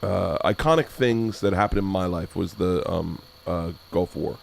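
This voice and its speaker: He's a podcast host in his forties, swapping stories in casual conversation, laughing and cursing loudly. His gravelly voice sits low and moves at a normal speed, with a slight hiss or hum in the audio.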